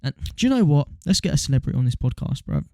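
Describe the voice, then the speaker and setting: A young man, co-hosting a casual podcast chat in quick, slangy banter. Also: a little high, big pitch swings, creaky, mellow, no room sound. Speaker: podcast co-host.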